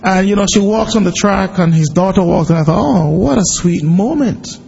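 A man, a pastor telling a lively personal story during a sermon and shouting at its most excited points. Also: sits high, moderate pace, gravelly, slightly rough, highs cut off. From Jamaica. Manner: animated storytelling, bursts into shouting when excited.

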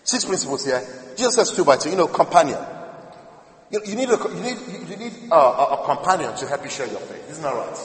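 A man's voice: fairly high pitch, very animated, fast talker, slight background noise. A man preaching a sermon as a minister, chatting with asides to his congregation. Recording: echoey hall with long reverb.

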